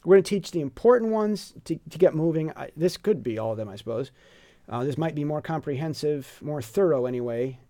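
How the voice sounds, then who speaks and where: A man's voice: on the high side, lively intonation, a little fast, mellow. Chatty man walking through word lists. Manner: chatty and digressive, lots of fillers, musing asides. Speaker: teacher presenting a reading curriculum. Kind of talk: casual walkthrough lesson.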